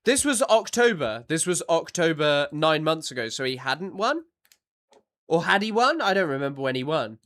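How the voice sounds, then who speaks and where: A man streaming live, reacting bluntly to news clips, often halting them to argue and circling back with fillers and repeats. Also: on the high side, big pitch swings, fairly bright tone. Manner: filler-heavy, repeats himself. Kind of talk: casual live-stream commentary.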